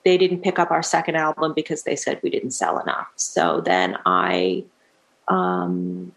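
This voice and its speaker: A middle-aged woman with a slightly low voice tells stories from her music career in a casual interview. She is animated, laughs often and acts out the lines of the people in her stories. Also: a little slow, vocal fry. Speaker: musician guest.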